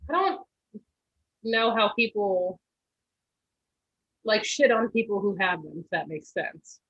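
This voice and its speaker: A woman's voice: medium pitch, animated, takes it slowly, slightly rough, no room sound. A young woman in casual chat, explaining things in an earnest way. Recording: dull dry sound.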